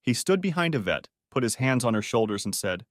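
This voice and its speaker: A man narrating a scripted story in an expressive storytelling manner. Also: mid-range voice, fairly quick, dry recording, clean studio sound.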